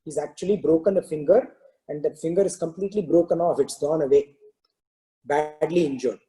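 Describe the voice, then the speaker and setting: Guy explaining scripture and telling a story, lots of "you know", very mellow dark voice. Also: on the high side, brisk, rough recording. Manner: explains terms, loose storytelling with many fillers. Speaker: spiritual teacher. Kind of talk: scripture talk with a parable.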